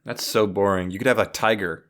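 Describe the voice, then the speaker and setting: A man hosting a casual comedic podcast, animated and profane, often laughing as he tells a story. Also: lowish voice, fairly quick. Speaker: podcast host.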